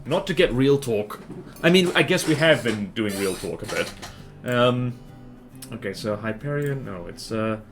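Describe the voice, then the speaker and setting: A man's voice: fairly high pitch, fairly bright tone. A man streaming a strategy game live, chatting with his viewers and reacting to the battles on screen as he rambles through his opinions.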